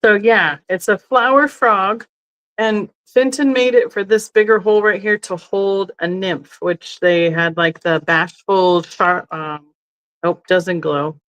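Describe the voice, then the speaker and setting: A woman hosts a casual live-stream sale from a chair indoors, chatting and thinking aloud as she describes each item, often correcting herself. Her voice is mid-range and a bit bright, with fairly even intonation and a slow pace, and the audio is poor.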